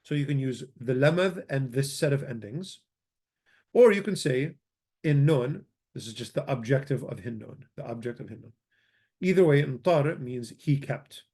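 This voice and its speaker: A man's voice: mid-range voice, darkish tone. Man teaching grammar, methodical repetition. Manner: methodical, repeats example words slowly. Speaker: language teacher. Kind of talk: grammar lesson walkthrough.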